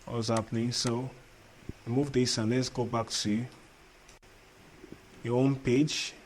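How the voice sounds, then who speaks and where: A man's voice: mid-range voice, little pitch movement, slow, slight background noise. Man with an accent teaching code. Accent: non-native English accent. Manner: repetitive, checks in often with "understand?". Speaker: coding instructor. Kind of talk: screen-share coding tutorial.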